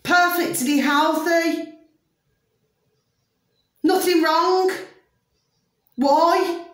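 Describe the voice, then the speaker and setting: Very echoey and captured on a distant mic, a high-pitched woman from the UK delivers an emphatic, ranting opinion piece as a vlogger, again and again asking her audience whether they see what she means.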